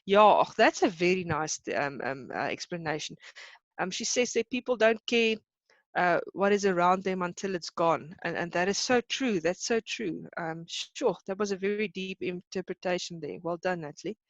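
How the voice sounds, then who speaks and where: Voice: medium pitch, moderate pace, no echo, highs cut off. A teacher giving a live online lesson, talking in a hesitant, reassuring way with many fillers.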